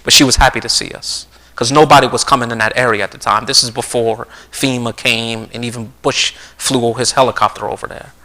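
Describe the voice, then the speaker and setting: A middle-aged man speaks in a bright, forward voice at an ordinary pitch. He talks earnestly on a live stream and tells stories as he goes. He often circles back and repeats phrases before finishing a thought. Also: steady tone, brisk, hardly any pauses, rough recording. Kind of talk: conversational talk with storytelling. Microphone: streaming mic.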